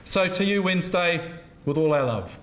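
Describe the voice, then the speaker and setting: A middle-aged New man tells self-deprecating stories in a public lecture, his voice sitting a little high. The sound is roomy, with a faint hum of the hall behind him. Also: animated, moderate pace. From New Zealand. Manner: anecdotal, joking, self-deprecating. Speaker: university lecturer giving an inaugural lecture.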